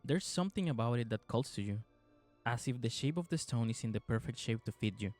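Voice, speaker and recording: A man's voice: medium pitch, animated, a little fast, a little mellow, faint music behind. A young man hosting a gaming video, reading the story narration evenly and chatting upbeat between scenes. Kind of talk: game narration and commentary.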